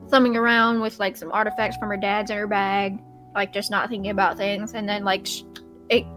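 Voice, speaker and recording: A woman playing in a tabletop game, chatty and full of "like" while describing her character's feelings. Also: medium pitch. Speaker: player. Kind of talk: casual tabletop play.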